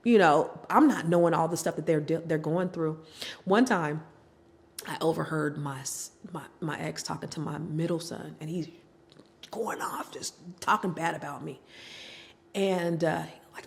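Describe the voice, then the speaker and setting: A middle-aged woman with a low, gravelly voice speaks at a normal pace as a guest, candidly telling her own story. She's animated, acting out her family members' lines in different voices.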